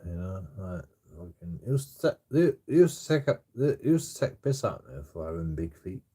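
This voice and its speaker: A man's voice: deep voice, sing-song, a little fast, dark tone, slightly rough. A man rambling in casual chat as a streamer, swearing constantly and stammering through restarts.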